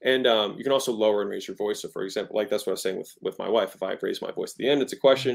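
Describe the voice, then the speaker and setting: Rapid-fire and gravelly, with few pauses, the man's lowish voice drives his sales lesson as a guest entrepreneur in a casual interview. He's emphatic, keeps tagging on "right?", and acts out tones of voice to make points.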